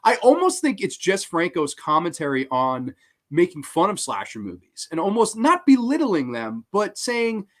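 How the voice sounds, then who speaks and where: Male horror reviewer host, higher voice, swings up and down a lot, swears freely. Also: moderate pace. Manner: animated, profane, excitable. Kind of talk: casual film review monologue.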